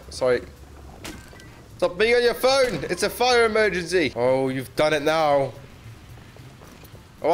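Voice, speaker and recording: A man giving casual, self-mocking commentary while playing a video game, swearing often and joking about his own play. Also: medium pitch. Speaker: gaming channel host.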